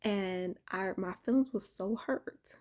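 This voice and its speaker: A woman casually telling a personal spiritual story indoors, keeping her voice low and soft so she doesn't wake her sleeping son. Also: slow pace. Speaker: vlogger sharing a spiritual testimony. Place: indoor room at home.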